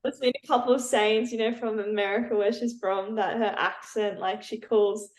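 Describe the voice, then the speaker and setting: A young woman with a middle-pitched voice talks in an upbeat, rambling way, full of "yeah" and "I think". She speaks over a video call in a casual interview. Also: steady tone, moderate pace, a little mellow, rough recording. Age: young adult. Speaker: football player.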